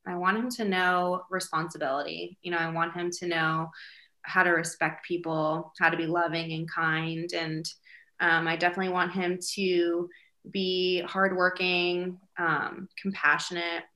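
A woman's voice: lowish voice, flat delivery, unhurried, pushed and bright. A woman, a single mother, chatting casually in an interview with many fillers and light laughs. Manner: chatty, lots of fillers, giggly.

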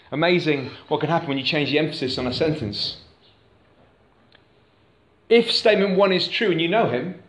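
A man gives a sermon in a church, talking conversationally and putting questions to the congregation. His voice sits a little high. The room around him is echoey. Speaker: pastor. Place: church hall.

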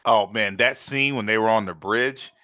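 Bright-voiced man in animated chat. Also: fairly low pitch, normal speed. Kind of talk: casual chat about anime.

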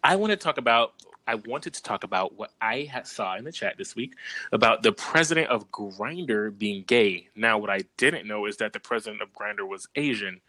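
A man's voice: lowish voice, expressive, normal speed, pushed and bright, no echo, poor audio. A man co-hosting a podcast, talking brashly with profane, playfully aggressive banter. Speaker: podcast co-host. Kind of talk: casual chat.

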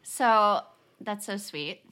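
A woman's voice: medium pitch, drawn-out words, sharp tone, smooth. A woman co-hosting a podcast, chatting casually and animatedly with frequent laughs. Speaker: podcast co-host. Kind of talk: casual chat.

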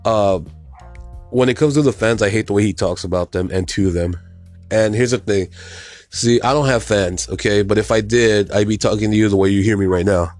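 A man talks alone on his own show in a loose, cursing, rambling rant. His voice sits low, and he keeps asking the listener if they follow. Faint music plays behind him. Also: moderate pace, darkish tone. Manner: profane, rambling, repeats "you know what I mean"; mocks others in a put-on voice. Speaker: podcast host. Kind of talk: casual solo rant.

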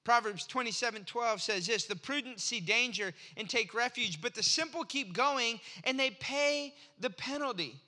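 A pastor in his forties preaches with a very high-pitched, sharp voice at a moderate pace, rarely pausing. His sermon feels conversational and full of stories, and he acts out small exchanges within his anecdotes.

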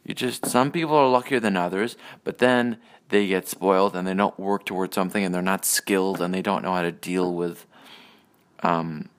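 Young guy, low voice, solo rant, cursing and restarting constantly. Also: fairly bright tone, clear, resonant tone. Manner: swears a lot, halting with many restarts. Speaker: solo podcast host. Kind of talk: rambling personal rant.

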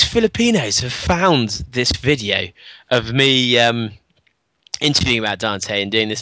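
A man on a podcast telling a story in casual chat, animated, acting out the dialogue and laughing often. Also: mid-range voice, measured pace, no echo.

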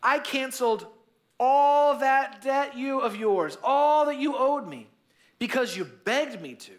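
A man's voice: sits high, lively intonation, normal speed, a bit bright, pitched above the performer's own voice. A man voicing a stern male master who scolds his servant with emphatic indignation. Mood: indignant.

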